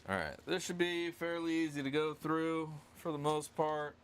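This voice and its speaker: A man's voice: on the high side, moderate pace, a little hiss or hum. A man hosting a casual live stream giveaway, rambling and joking at his own expense. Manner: rambling, self-joking, loose. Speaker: livestream host running a giveaway.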